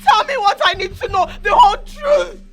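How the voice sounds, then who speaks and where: Frantic young nigerian woman, very high voice, shouty and teary, music under it. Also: lively intonation, moderate pace. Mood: desperate. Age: young adult. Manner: pleading, shouting, tearful. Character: distraught young woman demanding to know her father. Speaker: actor. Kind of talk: Nollywood film acting. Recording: film dialogue with music underneath.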